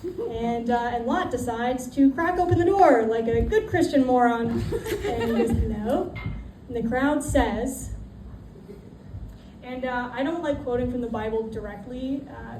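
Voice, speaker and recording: A woman's voice: fairly high pitch, normal speed. A woman performing a stand-up comedy routine, brashly telling a story and acting out the voices in it. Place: comedy club stage with audience. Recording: roomy, distant, noisy club audio.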